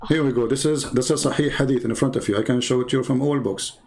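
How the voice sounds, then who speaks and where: A man's voice: mid-range voice, fast talker, gravelly, darkish tone. A man hosting a live online call-in debate who talks in a pressing, challenging way and cuts in over the caller. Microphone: computer call setup.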